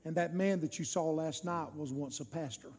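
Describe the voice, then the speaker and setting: A high-voiced male preacher tells a story in a sermon, swinging between loud peaks and hushed drops. His voice carries a long church-hall reverb. Faint music plays underneath. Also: normal speed. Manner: dramatic, swinging loud and soft.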